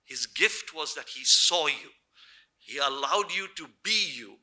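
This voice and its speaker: Speaking a little slowly in a highish, animated voice, a middle-aged man gives a memorial tribute to a gathered audience. He tells warm stories and quotes the voices of those he recalls, though the audio quality is poor.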